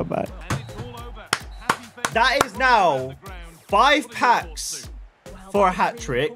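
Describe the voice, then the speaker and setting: A young man commentating on his own video game as a streamer, with bursts of shouting hype and quiet muttered asides. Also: high-pitched, big pitch swings, takes it slowly, pauses often, faint music behind. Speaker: gaming streamer.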